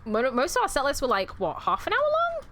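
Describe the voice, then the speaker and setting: Young female streamer, high and animated, chatty and sweary. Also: fairly quick, slight background noise. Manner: rambling, self-correcting, sweary. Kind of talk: casual chat with viewers.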